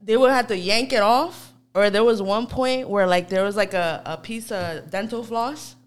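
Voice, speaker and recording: A woman chatting casually on a podcast, relaxed and slangy, with lots of filler words. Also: medium pitch, normal speed, clean tone. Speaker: podcast co-host. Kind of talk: casual chat.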